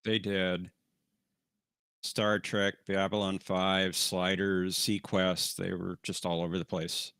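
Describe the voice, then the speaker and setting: A man with a lowish voice, recorded dry and close, gives casual live commentary. He drops trivia and deadpan quips, with a quietly amused tone. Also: takes it slowly, smooth, dry recording. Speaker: co-host of a show watch-along.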